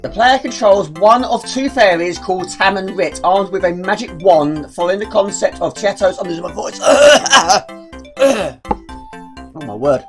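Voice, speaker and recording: A chatty woman talks through a retro game, her pitch bouncing up and down with an animated, lively lilt. She pokes fun at herself and mutters asides to herself, while faint game music plays behind her. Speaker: gaming video creator. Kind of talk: casual gameplay commentary.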